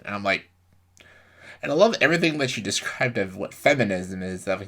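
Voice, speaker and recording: A man's voice: on the low side, expressive, fairly quick, fairly bright tone. A man hosting a casual video reacting to stand-up comedy, loose and filler-heavy. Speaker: YouTube reaction host.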